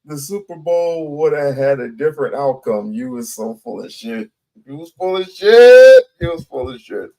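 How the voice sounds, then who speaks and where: A man's voice: medium pitch, normal speed, hardly any pauses, dark tone, rough recording. A man giving a heated commentary rant, blunt and profane, repeating himself for emphasis.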